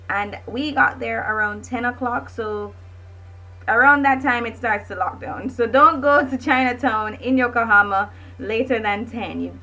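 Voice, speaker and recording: A woman's voice: fairly high pitch, pushed and bright, low-quality recording. A young woman narrating her travel vlog in a chatty, enthusiastic way, with casual asides and self-corrections. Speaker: vlogger.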